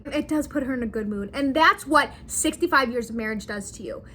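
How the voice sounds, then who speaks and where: A young woman vlogging about a movie in casual chat, giggly and animated, acting out the characters' lines. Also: high-pitched, fairly quick, a little hiss or hum.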